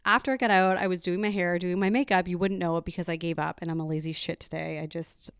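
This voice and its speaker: A woman's voice: fairly low pitch, fairly even intonation, fast talker, clean tone, dry recording, clean studio sound. A young adult woman hosting a solo podcast, telling a personal story in a candid, rambling way with many fillers. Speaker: podcast host.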